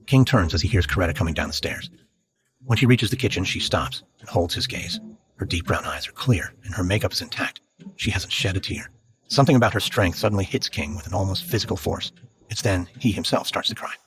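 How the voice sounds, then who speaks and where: A man narrating a scripted history drama podcast in a measured, dramatic storytelling manner. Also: deep voice.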